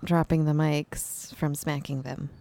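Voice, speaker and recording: A woman's voice: deep voice, flat delivery, unhurried, gravelly, mellow. A woman co-hosting a casual podcast, telling stories in a playful, teasing way. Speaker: podcast co-host. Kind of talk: casual chat.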